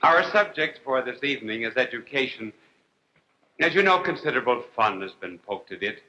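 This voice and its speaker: Very bright-voiced priest giving a wry lecture. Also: male voice, mid-range voice, animated, lo-fi sound. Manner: wry, deliberate, with long pauses and dry jokes. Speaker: priest and TV host. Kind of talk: humorous televised lecture.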